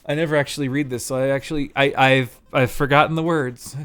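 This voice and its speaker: A man's voice: mid-range voice, steady tone, fairly quick, hardly any pauses, a bit bright, smooth, soft background music. A man streaming a video game live, chatting casually, joking, laughing and swearing as he reads the game's text aloud. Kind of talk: casual live gameplay commentary.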